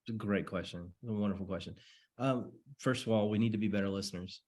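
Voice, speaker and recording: A man's voice: on the low side, quick pace, darkish tone. A man coaching network marketers on a call, chatty and repetitive, acting out sample dialogues. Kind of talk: casual coaching talk on a call.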